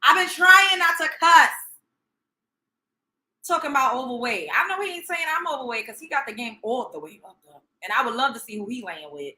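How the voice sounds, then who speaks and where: A woman's voice: a little high, expressive, quick pace, few pauses, sharp tone. A woman hosting a livestream, reacting in a profane, sarcastic, emphatic rant. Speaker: livestream host. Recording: roomy echo.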